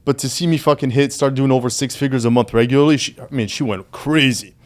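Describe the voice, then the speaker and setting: Male podcast guest, mid-pitched, animated storyteller, swears a lot, says "brother". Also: fast talker. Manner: animated storytelling, heavy profanity, calls host "brother". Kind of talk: casual podcast conversation.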